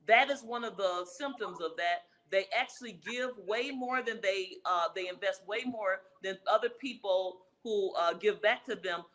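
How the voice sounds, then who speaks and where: A woman's voice: medium pitch, fairly bright tone, low-quality recording. A woman relationship expert answering interview questions in an emphatic, preacher-like way, repeating her key phrases.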